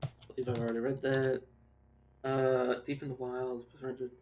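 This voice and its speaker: A man's voice: medium pitch, monotone, moderate pace, a little mellow, a little hiss or hum. A young man streaming a video game live, chatting to viewers and dissolving into helpless laughter. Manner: giggly, breaks into helpless laughter.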